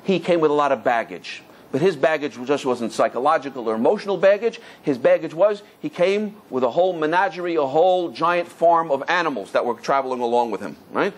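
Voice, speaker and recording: A man, a rabbi telling a story in a lecture, animated and acting out the voices of people in it, with many restarts. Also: on the high side, fairly quick, hardly any pauses.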